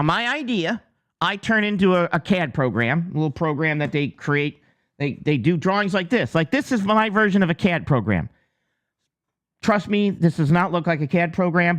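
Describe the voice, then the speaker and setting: A man from the United States hosting his channel, casually explaining something with on-screen drawings, joking and checking in with "okay?" as he goes. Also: a little high. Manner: joking, chatty, lots of restarts and "okay?" check-ins. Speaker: channel host.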